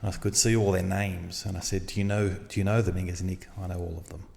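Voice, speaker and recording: Aussie guy, deep voice, telling a story and doing all the dialogue, long echoey reverb. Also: fast, gravelly. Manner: animated storyteller acting out dialogue. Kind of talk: casual storytelling chat.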